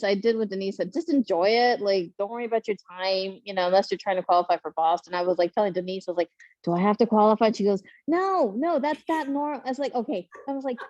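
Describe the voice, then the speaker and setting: A woman on a panel telling a lively, laughing story about her first marathon and acting out what people said. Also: a little high, no echo. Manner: animated, laughing, acts out quotes. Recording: muffled lo-fi sound.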